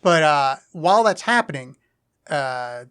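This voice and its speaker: A man co-hosting a podcast, chatting casually in a wry, offhand way and swearing freely. His voice sits a little higher than most men's. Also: expressive, measured pace, a bit bright, smooth. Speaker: podcast co-host. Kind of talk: casual chat.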